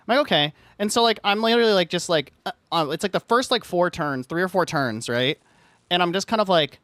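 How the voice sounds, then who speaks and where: A man's voice: fairly high pitch, animated, fairly quick, a bit bright, dry recording. A young man streaming, ranting casually to his chat in a rambling way, filling his talk with "like". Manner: rambling, heavy use of "like", acts out quoted lines.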